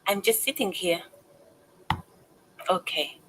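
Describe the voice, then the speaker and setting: A woman's voice: mid-range voice, slow, fairly bright tone, slight background noise, low-quality recording. A woman voicing a wary adult female gardener in a video game, guarded and a little defensive.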